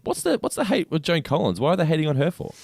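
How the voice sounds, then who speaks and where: A man's voice: on the high side, big pitch swings, quick pace, creaky, darkish tone, no room sound, clean studio sound. A man co-hosting a podcast, recapping episode scenes in a chatty manner and laughing easily. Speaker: podcast co-host. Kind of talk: casual review chat.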